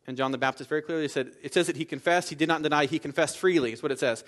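A man's voice: fairly high pitch, very fast, few pauses, fairly bright tone. A man preaching a sermon in a conversational way, with frequent asides like "right?" and "okay?", acting out the quoted lines. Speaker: pastor.

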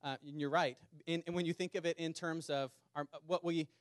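An earnest male pastor delivering a sermon to a small congregation, his voice sitting a touch high for a man. He repeats phrases and slows down to press a point home. The sound is close and dry, with little room echo. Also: steady tone. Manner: earnest, repeats words, speeds up and slows for emphasis. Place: small church meeting in a community center.

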